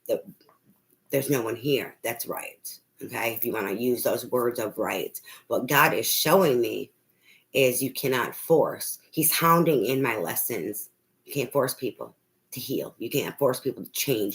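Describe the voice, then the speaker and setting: A woman's voice: extremely low pitch, rough recording. A middle-aged woman, a tarot reader, venting about family trouble in a blunt, emphatic way, swearing often and restarting her sentences. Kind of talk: emotional personal venting monologue.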